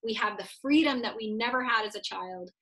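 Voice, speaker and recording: A woman's voice: fairly high pitch, brisk, pushed and bright, rough recording. A woman guest on a podcast interview, a coach for real estate agents, explaining her ideas in a confident teaching tone.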